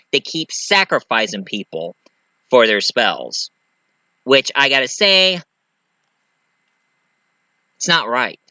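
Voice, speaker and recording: A man's voice: medium pitch, bright, forceful tone, no echo. A man casually retelling a movie plot as a reviewer, rambling and chatty, with loose grammar and many fillers.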